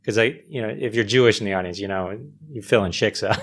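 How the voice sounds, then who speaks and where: A man's voice: lowish voice, fairly quick, husky. A man hosting a podcast, chatting casually with a guest, loose and chatty with lots of fillers. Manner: relaxed, chatty, frequent fillers. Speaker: podcast host. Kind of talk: casual interview chat.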